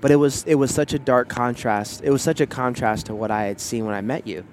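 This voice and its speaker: A man's voice: medium pitch, steady tone, a little fast, a little mellow, slight background noise. A man hosting a podcast in casual chat, playful and teasing. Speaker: podcast host.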